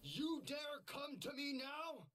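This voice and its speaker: Haughty game ruler. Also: male voice, very high-pitched, very animated, slow pace, background noise, exaggerated voice. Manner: haughty, formal diplomatic delivery. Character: proud male rival ruler in a game.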